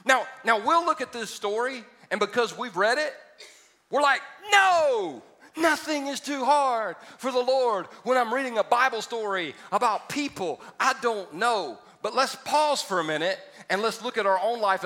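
A male pastor with a high voice preaches to his congregation, mixing comic storytelling with fervent calls to believe. His tone rings bright and forceful, carried by the long reverb of a big church hall. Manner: humorous storytelling, rising to emphatic exhortation. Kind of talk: sermon. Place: church auditorium before a congregation.

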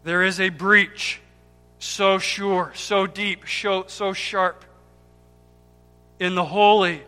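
A man preaching a sermon with impassioned swings between loud cries and hushed, near-whispered words, repeating key words for emphasis. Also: high voice, level tone, slow pace, clear, resonant tone. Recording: long hall reverb with faint music.

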